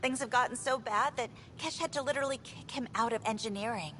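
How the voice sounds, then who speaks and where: A woman's voice: on the high side, quick pace, pushed and bright, slight background noise. An actress playing a frustrated, outspoken female engineer in a video game. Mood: exasperated. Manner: exasperated, outspoken. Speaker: game character.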